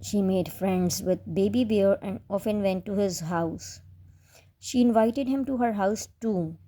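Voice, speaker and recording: A woman reads a children's fairy tale aloud at an unhurried, deliberate pace. Her voice is mellow and soft, with a gentle storybook lilt. She sits at a middle pitch for a woman.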